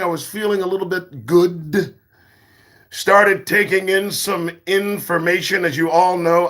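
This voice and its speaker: A man hosting his own morning show, talking in a profane, preachy monologue that swings between shouts and whispers. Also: high voice. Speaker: show host.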